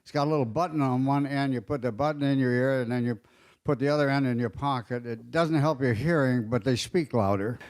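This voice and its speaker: An older man telling stand-up jokes at a roast, with a halting, fumbling delivery full of fillers. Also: medium pitch. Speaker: comedian at a roast. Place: banquet dais.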